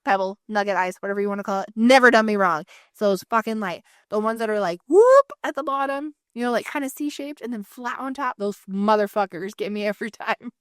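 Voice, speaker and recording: A woman co-hosting a casual podcast chat, telling animated stories with lots of swearing and acted-out quotes. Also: mid-range voice, brisk, hardly any pauses, clear, resonant tone, no echo, clean studio sound. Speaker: podcast co-host.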